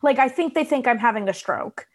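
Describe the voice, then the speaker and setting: A woman's voice: on the high side, animated, brisk. A woman in her late twenties, a comedian guest on a podcast, chatting candidly and swearing freely. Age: late 20s. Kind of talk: casual podcast chat.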